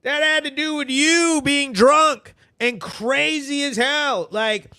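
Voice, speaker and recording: A man hosting a news show, ranting in loud, blunt, casual commentary with swearing. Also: very high-pitched, slow pace.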